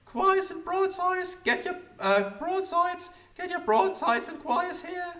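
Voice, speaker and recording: A man's voice: extremely high pitch, expressive, takes it slowly, pushed and bright, roomy sound, recorded from a distance, pitched above the performer's own voice, heavily acted. A man voicing a cheerful small boy selling newspapers in a game, with a sing-song street-hawker cry. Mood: hawking. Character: cheerful small boy newsboy hawking papers.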